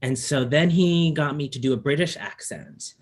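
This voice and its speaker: A man from Canada with a slight lisp and a slightly raspy voice, reflectively telling personal stories in a casual conversation. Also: fairly high pitch, expressive, moderate pace. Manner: reflective, personal storytelling with frequent ums. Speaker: performance artist in conversation.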